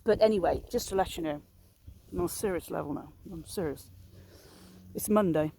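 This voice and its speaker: A woman's voice: lowish voice, fairly quick, gravelly, mellow, a little hiss or hum. A woman in her thirties chatting casually into her phone while walking outdoors, telling a story in a rambling, jokey, self-mocking way. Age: 30s. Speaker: vlogger walking her dogs. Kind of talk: casual chat to a phone camera. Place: outdoors, walking in a public area. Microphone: handheld phone.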